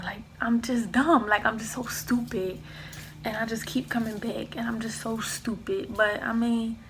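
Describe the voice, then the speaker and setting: Young woman spilling a storytime to camera, voice has a gravelly fry to it, acts out the dialogue, sometimes goes hushed. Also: mid-range voice, slight background noise, poor audio. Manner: animated storyteller who acts out quoted dialogue, slips into hushed asides. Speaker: vlogger. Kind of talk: storytime chat.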